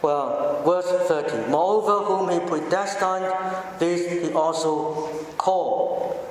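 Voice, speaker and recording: Male preacher, high-pitched, slow and emphatic; echoey church hall, mic at a distance. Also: a little hiss or hum. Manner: measured, emphatic delivery with deliberate pauses. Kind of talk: sermon.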